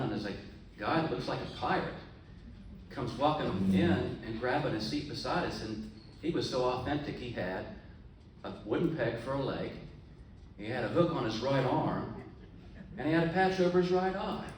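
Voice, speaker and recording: A man's voice: medium pitch, slight background noise. Man telling a joke, echoey hall. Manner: folksy, chatty, talks straight to a friend in the audience. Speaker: club speaker. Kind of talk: storytelling a joke to a club meeting. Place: club meeting room. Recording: echoey room from far off.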